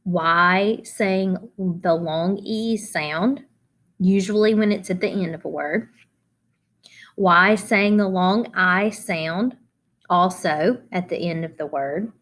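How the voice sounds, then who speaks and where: Slow, low-voiced woman teaching phonics. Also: a bit bright. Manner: slow, deliberate, spelling out letters. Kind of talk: phonics lesson for children.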